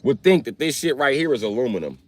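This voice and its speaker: An American man with an American accent, ranting on a live stream in a loud, profane, animated way. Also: medium pitch, fast, slight background noise. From United States.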